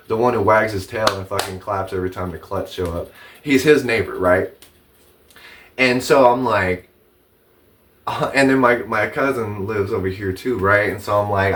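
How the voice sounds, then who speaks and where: A man's voice: medium pitch, recorded from a distance. A man telling his side of a personal dispute in a casual, profane vlog, repeating himself as his indignation builds. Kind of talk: casual, heated storytelling to camera.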